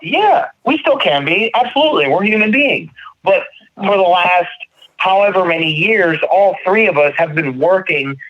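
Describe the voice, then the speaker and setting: A man in his thirties, a podcast co-host, telling stories in casual chat, animated and swearing freely. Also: high voice, normal speed. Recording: dull lo-fi sound.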